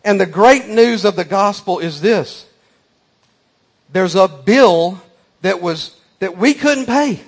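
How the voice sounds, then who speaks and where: A man's voice: high voice, animated, slow. A man preaching a sermon, telling a folksy story with emphatic repeated phrases.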